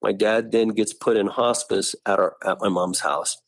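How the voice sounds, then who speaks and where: A middle-aged man telling his own family story in an interview, animated, often acting out what people said. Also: on the low side, moderate pace, no echo. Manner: animated, acts out family members' lines.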